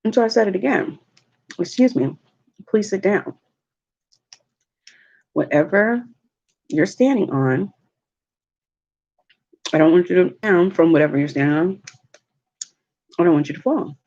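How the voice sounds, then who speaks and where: A woman, a mother, telling stories in a relaxed, chatty way while eating on a livestream vlog. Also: fairly low pitch, vocal fry, dull audio. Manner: slow, chatty storytelling with laughs. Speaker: mukbang vlogger. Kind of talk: casual chat while eating. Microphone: livestream mic.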